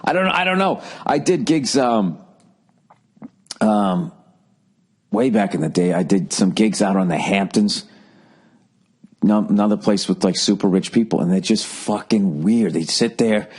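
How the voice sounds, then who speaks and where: A man with a low voice and a Boston accent rants his way through a casual solo monologue. He swears constantly and sounds exasperated, rambling from one gripe to the next. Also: normal speed, a little mellow, husky. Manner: profane, ranting, exasperated. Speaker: podcast host.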